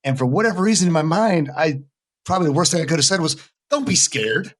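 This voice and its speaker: A man's voice: fairly high pitch, lively intonation, fast, no room sound. A middle-aged American man, a guest in a podcast interview, speaking earnestly and emphatically in casual conversation. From United States. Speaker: veteran mental health worker, interview guest.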